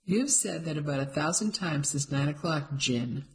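A narrator voicing a calm, dry-witted older aunt in an audiobook, speaking quietly and evenly. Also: mid-range voice, normal speed, close to an everyday voice. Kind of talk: audiobook character voice.

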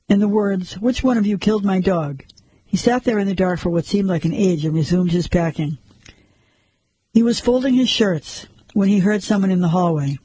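A man narrating a crime story like an audiobook, measured and suspenseful. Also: high voice, warm tone, husky, dry recording, rough recording.

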